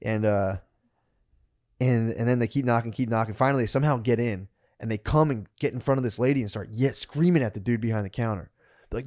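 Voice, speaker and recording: A man in his thirties, a podcast co-host telling a story in casual chat, profane and animated, acting out the people he quotes. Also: medium pitch, fast.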